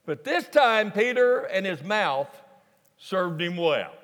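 A man preaching a folksy, animated sermon to a congregation in a large church sanctuary. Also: high-pitched, takes it slowly. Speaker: pastor. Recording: long reverb of a large church hall.

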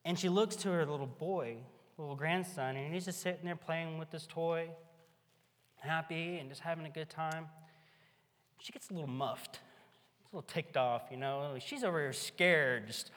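A man's voice: on the high side, moderate pace, a bit bright. A man preaching a sermon in a folksy, emphatic way, with a band on hand in a large hall. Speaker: pastor. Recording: echoey hall.

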